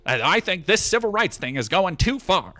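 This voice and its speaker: A man acts out a self-satisfied white man of the sixties, breezy and dismissive. The voice sits somewhat high and bright, close to the performer's own. Faint music plays underneath. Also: sing-song, normal speed, full character voice. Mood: smug.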